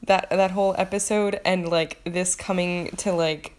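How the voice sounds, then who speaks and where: Woman, lowish voice, loose enthusiastic fan commentary, full of fillers. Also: steady tone, moderate pace. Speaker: TV episode reviewer. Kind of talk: casual, rambling commentary.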